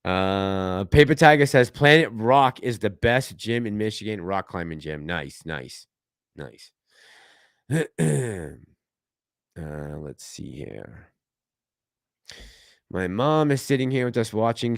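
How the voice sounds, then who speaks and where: A man's voice: deep voice, clean tone, dry recording, studio quality. A man hosting a casual livestream, reading viewer comments aloud and reacting to them in a chatty way. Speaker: livestream host reading chat.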